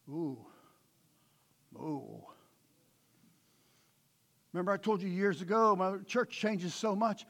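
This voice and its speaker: Middle-aged male pastor, high and bright, fiery sermon with soft storytelling stretches. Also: takes it slowly, pauses often. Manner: swings from loud preaching to quiet storytelling.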